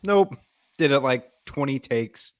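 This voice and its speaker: A young man chatting as a podcast guest, modest and animated as he tells stories, with fillers along the way. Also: mid-range voice, unhurried. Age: young adult. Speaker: guest, amateur wrestling commentator. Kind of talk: casual chat.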